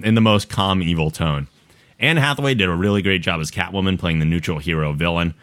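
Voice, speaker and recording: A low-voiced man hosts a casual podcast, reading listener email. He is relaxed and conversational, laughing between points.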